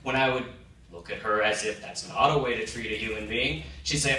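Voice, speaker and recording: A male stand-up comedian performing a self-deprecating set with animated punchlines on a comedy club stage. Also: fairly low pitch, a little fast, far from the mic. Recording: echoey club recorded from afar, noisy. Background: audience laughter.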